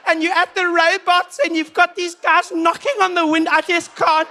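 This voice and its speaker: Guy doing a whiny frazzled south african lady, high and fussy, keeps saying she cant. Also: flat delivery, moderate pace, sharp tone, exaggerated voice. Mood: exasperated. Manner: whiny, exasperated, repeating herself. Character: fretful overwhelmed South African woman.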